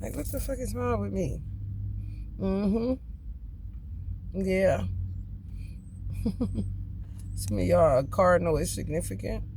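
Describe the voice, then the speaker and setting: A man's voice: sits high, slow pace, long pauses, darkish tone, a little hiss or hum. A man giving a casual tarot reading, profane, chatty and laughing often. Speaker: tarot reader.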